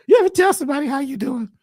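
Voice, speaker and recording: A man giving a webcast talk on health in a preacherly way, swinging between loud lines and hushed ones. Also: sits high. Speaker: holistic health speaker.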